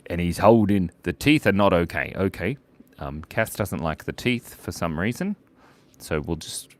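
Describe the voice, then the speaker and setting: A giggly man hosting a live drawing stream at home, cracking silly jokes as he draws. His voice is low but swings up and down a lot. He chats along in an easy, playful way. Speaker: art stream host.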